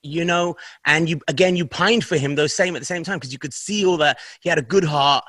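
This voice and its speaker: Bright-voiced male podcast host. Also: on the high side, fairly quick, no echo, clean studio sound. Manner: thoughtful, affirming interjections. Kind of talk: casual podcast chat.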